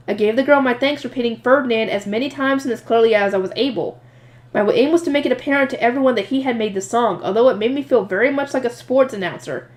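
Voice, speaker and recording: Fast, lively woman reading a novel aloud. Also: a little high. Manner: lively, expressive reading with voiced asides. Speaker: audiobook reader. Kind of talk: reading a light novel aloud, first-person narration.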